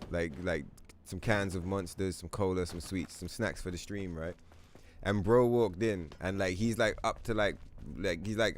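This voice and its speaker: A man's voice: low voice, slight background noise. A man chatting casually while streaming a game, telling rambling, profane stories and acting out other people's lines. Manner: rambling, profane storytelling with acted-out quotes. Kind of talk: casual gaming livestream chat. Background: game music.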